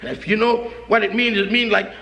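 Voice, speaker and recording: A man preaching a sermon with emphatic repetition, often shouting his phrases. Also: sits high, fairly even intonation, brisk, gravelly. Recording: echoey hall with long reverb.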